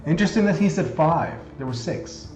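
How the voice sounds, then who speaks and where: A man's voice: on the high side, lively intonation, brisk, a little mellow, highs cut off. Chatty male game streamer, roomy sound. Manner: chatty, jokey, reads game text aloud. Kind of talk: casual game commentary, reading dialogue aloud. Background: faint game music.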